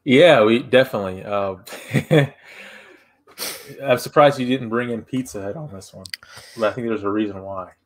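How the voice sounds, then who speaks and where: A man co-hosting a podcast in loose, joking banter, blunt and quick to swear. He talks at a middling pitch, sometimes with food still in his mouth. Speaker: podcast co-host. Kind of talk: casual podcast chat.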